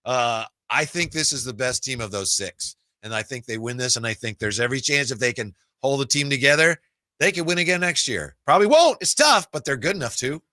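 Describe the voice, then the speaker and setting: A man from Texas co-hosting a casual sports talk show, animated and jokey. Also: mid-range voice, brisk, dry recording. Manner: animated, jokey, puts on quoted voices. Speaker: co-host.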